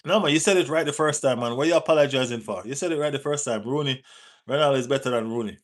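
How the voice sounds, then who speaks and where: Jamaican-accented male streamer, mid-pitched, loose and chatty, reads chat and ribs viewers. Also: fast talker. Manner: reads out and answers viewer chat, teases, urges likes; relaxed patois-tinged phrasing. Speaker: football livestream host. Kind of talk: casual live chat.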